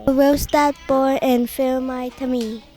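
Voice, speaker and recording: Greedy, menacing storybook giant, a man doing the voice: high put-on pitch, sing-song chanting. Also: level tone, slow, dark tone.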